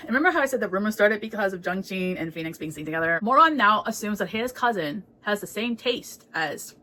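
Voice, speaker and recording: Woman book vlogger, relaxed, talkative, laughs a lot, mid-range voice, casual swearing. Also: medium pitch, a little fast, rough recording. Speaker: book reviewer.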